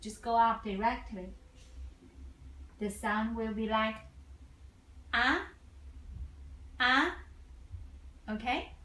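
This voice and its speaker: A woman teaching a Mandarin lesson patiently, repeating each sound twice in simple English. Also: a little high. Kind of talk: slow language lesson. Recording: echoey room.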